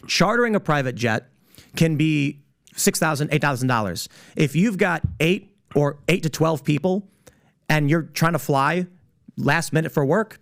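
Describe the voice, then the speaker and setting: A man on a podcast panel, telling stories in animated casual chat, often restarting his sentences. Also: on the high side. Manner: animated storytelling with rapid restarts. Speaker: podcast guest and show host.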